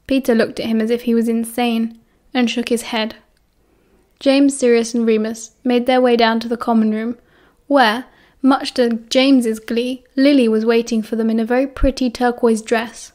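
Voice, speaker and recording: A woman's voice: a little high, flat delivery, moderate pace, a little mellow. British woman narrating an audiobook. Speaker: audiobook reader. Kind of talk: fan fiction audiobook narration.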